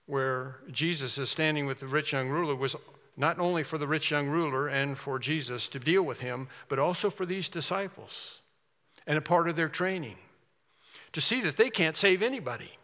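A man's voice: on the high side, sharp tone, in a large hall. A man preaching a sermon in an earnest, emphatic way, repeating key phrases for stress.

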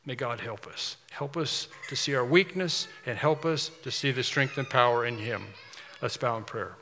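A man preaching a sermon, telling a story in an animated way and then closing earnestly toward prayer. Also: medium pitch, moderate pace, long reverb tail, slight background noise. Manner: animated storytelling, shifts to soft earnest close.

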